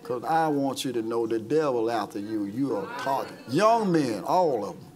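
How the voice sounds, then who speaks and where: At a church service, a pastor with a medium-pitched, darkish voice and lively intonation preaches an impassioned sermon at normal speed. He calls people forward in an altar call and retells stories, acting out the quotes.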